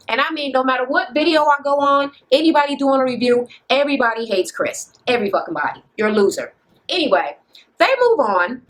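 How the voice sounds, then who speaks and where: A woman's voice: fairly high pitch, a bit bright. A woman vlogger giving a casual recap of a reality show, blunt and profane, sarcastic, often laughing at her own jokes. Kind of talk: casual ranting recap commentary.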